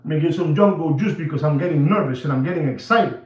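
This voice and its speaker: A man's voice: fairly high pitch, fast talker, lo-fi sound. A middle-aged man who deals in watches, giving a dramatic, theatrical rant to his viewers, recorded in an echoey room from a distance. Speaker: watch dealer. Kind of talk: ranting vlog to camera.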